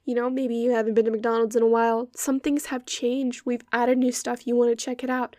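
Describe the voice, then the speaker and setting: A woman's voice: a little high, steady tone, a little fast, dark tone, dry recording, studio quality. A young woman hosting a podcast, ranting in an exasperated, sarcastic and sweary way. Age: young adult. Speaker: podcast host. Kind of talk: ranting monologue.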